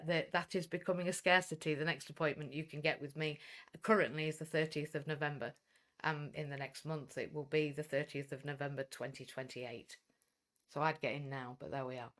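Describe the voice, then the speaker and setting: A woman's voice: sits low, a bit bright. A blunt, outspoken woman with a Welsh English accent who runs a coaching business, giving a livestream talk and swearing when she gets fired up.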